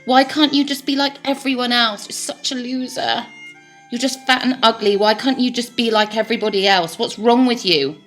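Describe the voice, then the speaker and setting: A woman's voice: on the low side, level tone, a bit bright, soft background music. A woman voicing her own harsh inner critic, firing off scornful insults and anxious worries. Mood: berating. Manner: berating, rapid-fire insults.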